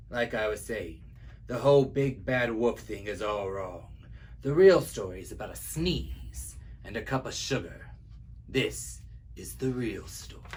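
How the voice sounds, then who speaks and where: A man's voice: medium pitch, slight background noise, close to an everyday voice. A man reading a children's story aloud as an easygoing male wolf who tells his own side in a chatty, wry, confiding way. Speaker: library storyteller.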